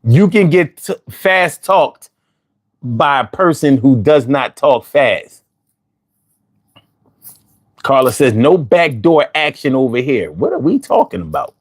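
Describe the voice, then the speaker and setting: A man hosting a livestream, chatting casually and reading out viewer comments in a drawling, animated way. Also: mid-range voice, slow pace, long pauses. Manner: drawling, animated, talks back to chat. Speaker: livestream host.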